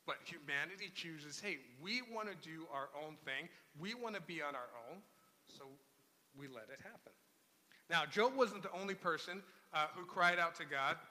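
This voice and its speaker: Man, pastor, sermon, slightly high voice, conversational with restarts, long hall echo. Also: bright, forceful tone. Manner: conversational preaching with repeated restarts.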